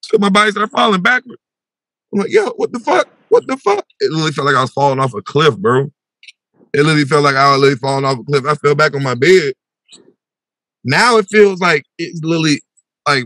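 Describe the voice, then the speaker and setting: A young man telling a wild personal story on a podcast, animated and full of slang, acting out his own voice with big swings in pitch. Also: brisk, no room sound. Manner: slangy, repeats "bro" and "yo".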